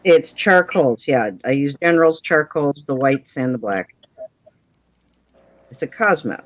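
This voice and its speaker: A woman's voice: low-pitched, expressive, moderate pace, no room sound. Woman, casual folksy artist guest, chatty and self-deprecating, dry lo-fi livestream sound. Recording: dry, dull lo-fi stream audio.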